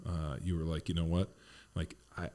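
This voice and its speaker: Deep-voiced man hosting a casual podcast. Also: level tone, normal speed, dark tone. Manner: loose, rambling, profane, many fillers. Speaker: podcast host and strength coach.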